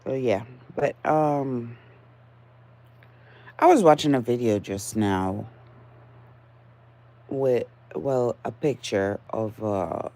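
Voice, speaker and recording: Low, slow woman with a groggy morning voice. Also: mellow. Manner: halting, with many fillers and restarts, then firm and insistent. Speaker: vlogger. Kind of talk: casual solo vlog talk.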